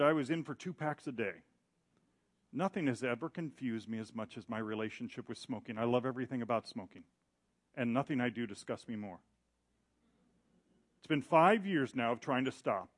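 A middle-aged male pastor preaching a sermon in an animated way, acting out quoted voices. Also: medium pitch, normal speed.

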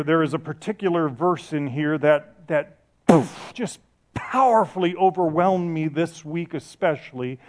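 A man's voice: fairly high pitch, darkish tone. A middle-aged man preaching a sermon as pastor, passionate and storytelling, often restarting and correcting himself.

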